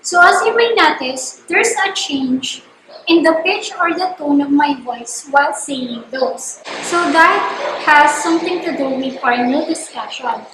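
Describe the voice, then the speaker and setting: A woman teacher giving a slow classroom lesson, with deliberate, exaggerated intonation in her examples and repeat-after-me drills. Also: high voice. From Philippines. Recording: echoey room, faint background hiss.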